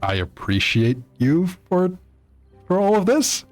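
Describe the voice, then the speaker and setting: A man chatting to viewers on a live game stream, halting often with fillers and restarts. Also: sits high, sing-song, soft background music. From Netherlands. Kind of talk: live gameplay stream chat.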